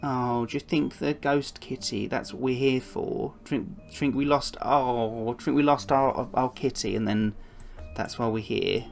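A woman's voice: rumbling low, fairly even intonation, moderate pace, gravelly, darkish tone, soft background music. A woman streaming a puzzle game, chatting along and cooing to the cats on screen with little giggles. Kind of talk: live gameplay commentary.

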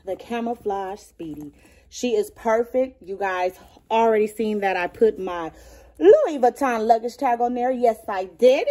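A woman's voice: on the high side, unhurried, dark tone. A woman vlogger chatting casually as she shows off items in a show-and-tell video, gushing and calling viewers "girl". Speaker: beauty and lifestyle vlogger.

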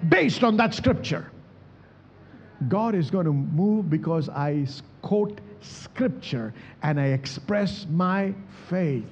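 A man preaching from the pulpit with a high, lively voice that swings up and down as he drives each point home. His tone is husky. The recording sounds dull and lo-fi, like a muffled church recording. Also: in a large hall. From India. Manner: preaching with emphatic calls to the church. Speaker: pastor. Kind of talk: sermon.

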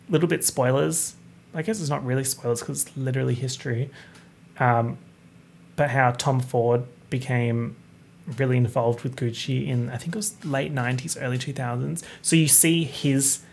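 A man's voice: medium pitch, creaky, breathy edge. A man hosting a solo podcast, chatty and opinionated, swearing freely. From Italian heritage. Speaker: podcast host. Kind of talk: casual solo podcast chat.

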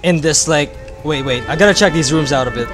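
A young man hosting a gaming video, joking, swearing and getting excitable while he plays with a friend. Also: a little high, fairly quick, over music. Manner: loud, jokey, excitable, swears. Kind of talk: casual gameplay banter.

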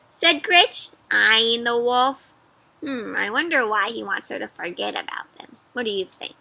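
A woman's voice: on the high side, unhurried, creaky. A woman doing an interactive read-aloud for children, stopping often to ask them questions. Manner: asks children questions, animated. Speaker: storyteller.

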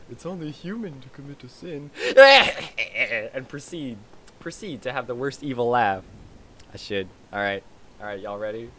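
A man giving excitable, chatty commentary while streaming a game. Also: mid-range voice, slight background noise. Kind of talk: casual gameplay commentary.

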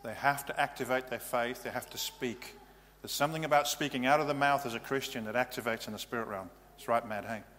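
A man's voice: medium pitch, fairly quick, few pauses, a bit bright. A male pastor giving a practical, matter-of-fact teaching sermon in a church. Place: church hall. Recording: reverberant hall, faint hum.

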